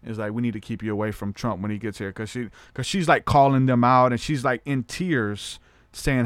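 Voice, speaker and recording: A man hosting a podcast in casual conversation, chatty and hedging, talking in quick bursts. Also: medium pitch, fairly even intonation, no room sound, studio quality. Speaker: podcast host.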